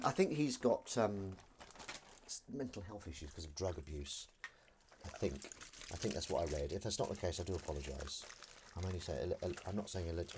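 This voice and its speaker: A man's voice: low voice, noisy background. A man hosting a casual live stream from his kitchen while washing up, chatty and self-deprecating as he reads out viewer comments. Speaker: livestream host.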